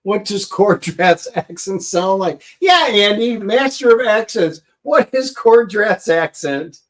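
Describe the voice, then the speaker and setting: A man's voice: high-pitched, lively intonation, slow pace, fairly bright tone. A man hosting a casual chat, teasing his co-host with dry quips.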